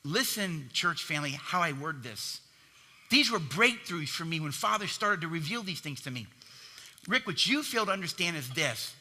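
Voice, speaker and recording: High, bright-voiced preaching man. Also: moderate pace, in a large hall. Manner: animated, emphatic preaching with call-and-response questions. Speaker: pastor. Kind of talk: sermon. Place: church.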